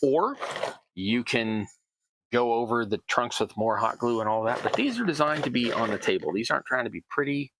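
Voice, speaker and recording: Gravelly middle-aged Southern man, rambling. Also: mid-range voice, animated, normal speed, background noise. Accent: Southern American. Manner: rambling, self-deprecating asides. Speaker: host, terrain crafter. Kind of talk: casual hobby crafting tutorial.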